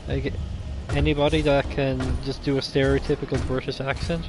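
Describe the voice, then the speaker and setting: Guy rambling about game ideas, kinda monotone, humming noise and cars in the back. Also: mid-range voice, brisk. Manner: rambling, thinking aloud with restarts. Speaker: video game fan vlogger. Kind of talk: casual chat, pitching game ideas.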